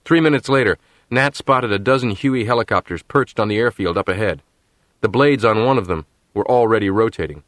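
A man narrating an audiobook in a measured, steady storytelling manner. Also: fairly low pitch, dry recording, studio quality. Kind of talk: scripted narration.

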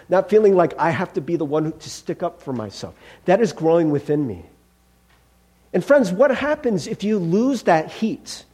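A man's voice: sits high, warm tone, slightly rough. A male pastor preaching a sermon in a conversational way, often checking in with "right?" and acting out angry drivers. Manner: acts out angry driver outbursts.

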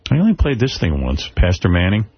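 A male radio host chats casually, his pitch moving a great deal as he slips into impressions. His voice is slightly husky, and the audio is dull and lo-fi. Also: wildly swooping pitch, fast talker, no room sound. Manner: mimics voices animatedly.

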